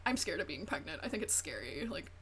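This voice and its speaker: A woman's voice: sits low, big pitch swings, quick pace, fairly bright tone, a little hiss or hum. A woman streamer chatting casually while gaming, rambling through profane gossip and acting out quotes. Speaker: VTuber streamer.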